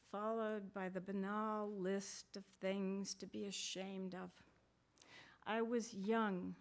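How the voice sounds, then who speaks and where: Slow, measured woman reading fiction. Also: mid-range voice. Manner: measured, deliberate reading with brief asides. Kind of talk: literary reading. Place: conference reading.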